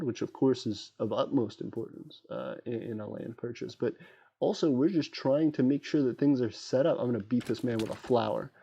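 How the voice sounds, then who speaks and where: A man hosting a casual livestream while gaming, rambling excitably and chatting to the creatures on screen. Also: medium pitch. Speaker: livestream host. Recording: dull lo-fi sound with faint background beats.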